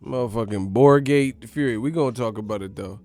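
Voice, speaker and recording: A man hosting a boxing channel, talking casually and excitably at home, profane and quick to laugh. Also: medium pitch, no room sound, faint music behind. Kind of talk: casual commentary.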